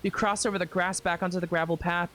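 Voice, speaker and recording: A young woman streamer reading a visual novel aloud, expressive, with wry asides. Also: fairly low pitch, quick pace, a little hiss or hum.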